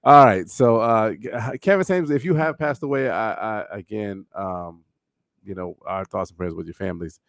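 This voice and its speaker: A man's voice: on the low side, moderate pace, dry recording, studio quality. A man co-hosting a podcast in casual chat, talking with animation, swearing often and using lots of fillers and restarts. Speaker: podcast co-host.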